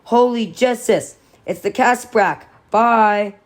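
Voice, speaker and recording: A woman voicing a gruff middle-aged Irish policeman with a thick, rough Irish accent. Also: on the high side, slow, pitched above the performer's own voice. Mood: startled. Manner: thick brogue, rough, offhand.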